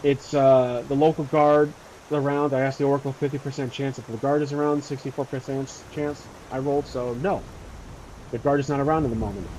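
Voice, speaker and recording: A man's voice: medium pitch, steady tone, a little fast, a little mellow, slight background noise, low-quality recording. Casual man narrating a solo roleplay game. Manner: rambling, casual, many fillers. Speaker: solo tabletop role-player.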